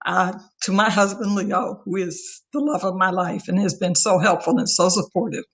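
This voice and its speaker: A woman's voice: fairly low pitch, moderate pace. An older woman, close to tears, giving a heartfelt farewell speech of thanks as an outgoing organization leader over a video call. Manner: heartfelt, emotional, lists names warmly.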